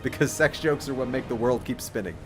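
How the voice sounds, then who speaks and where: A man doing livestream commentary over a video game, joking, giggling often and shouting out during fights. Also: medium pitch, a little fast, music in the background. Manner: giggly, jokey, loud exclamations in fights. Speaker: game streamer.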